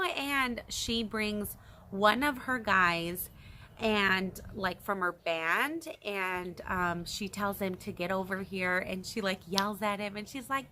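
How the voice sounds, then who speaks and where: A young woman casually telling a story to her camera, excitedly and animatedly, with squeals when she quotes reactions. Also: mid-range voice, unhurried, a little hiss or hum. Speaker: vlogger.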